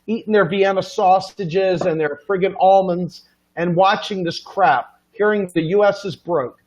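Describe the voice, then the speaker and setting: Ranting high-voiced man, lo-fi. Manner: exasperated, ranting, incredulous. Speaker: show host. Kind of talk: ranting casual chat. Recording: dull lo-fi sound.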